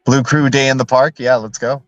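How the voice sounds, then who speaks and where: A man's voice: mid-range voice, flat delivery, normal speed, no room sound, lo-fi sound, soft background music. A man hosting a live stream in a loose, rambling way, tagging his points with "right?" and answering viewer chat as he goes. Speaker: livestream host.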